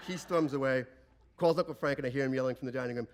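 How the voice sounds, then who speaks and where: A man telling a comic family story live on stage before an audience, with lively delivery. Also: medium pitch, quick pace.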